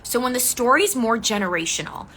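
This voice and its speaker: A woman speaking as a decluttering coach in a live coaching talk, gently guiding listeners through reflection and answering their comments. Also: fairly high pitch, animated, a little fast, slight background noise. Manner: gentle, inviting, reads viewer comments aloud.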